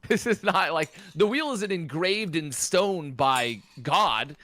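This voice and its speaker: Bright incredulous high-voiced man. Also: lively intonation, slow. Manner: incredulous, teasing. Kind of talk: casual chat.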